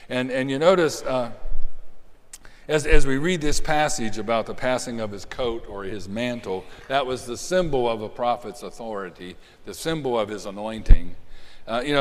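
A man preaching a sermon in a conversational way, often restarting his phrases. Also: lowish voice. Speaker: pastor. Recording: long hall reverb.

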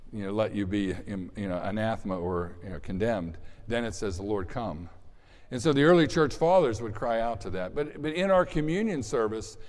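An older man in his sixties preaches a sermon as a pastor in a church sanctuary. He talks in a conversational way at an ordinary pitch, often repeating words and chuckling. His voice carries a long reverb from the hall. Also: darkish tone.

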